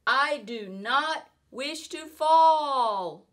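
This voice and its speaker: A woman voicing a fussy, worried pet fish from a storybook, protesting and pleading in drawn-out words. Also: high-pitched, animated, fairly bright tone, voice pushed up, exaggerated voice.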